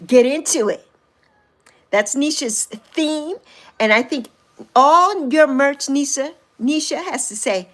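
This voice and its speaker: A woman's voice: high voice, takes it slowly, fairly bright tone, slight background noise. A woman in her sixties hosting a casual livestream, chatting with viewers and playfully teasing them as she reads and answers their comments, laughing often. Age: 60s. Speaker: livestream host.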